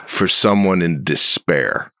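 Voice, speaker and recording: Deep gravelly man, deadpan storyteller. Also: slow pace, dry recording, studio quality. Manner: deadpan storytelling, incredulous rhetorical questions. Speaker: podcast co-host. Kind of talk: casual comedic chat.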